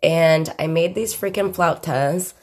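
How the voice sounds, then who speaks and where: A woman's voice: sits low, a little slow, a little hiss or hum. A young woman co-hosting a casual podcast, a few beers in, teasing and rambling as she talks. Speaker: podcast co-host. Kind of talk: casual chat.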